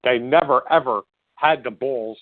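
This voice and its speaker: A man's voice: medium pitch, a little slow, no echo. Angry man ranting on a podcast. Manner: furious, insulting, rambling with restarts. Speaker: podcast host. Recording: dry, phone-like lo-fi sound.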